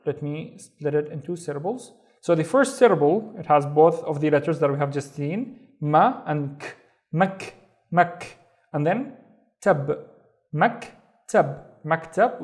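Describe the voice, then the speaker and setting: A male teacher with a somewhat high voice walks beginners through a reading lesson. He speaks slowly and patiently, sounding out each syllable and repeating every word several times. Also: darkish tone. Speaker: language teacher.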